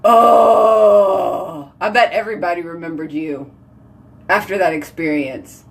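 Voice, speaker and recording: A woman's voice: on the low side, a little slow, recorded from a distance. A woman hosting a casual live video chat, telling giggly stories and answering viewer comments. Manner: chatty, giggly storytelling. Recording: voice slightly off-mic.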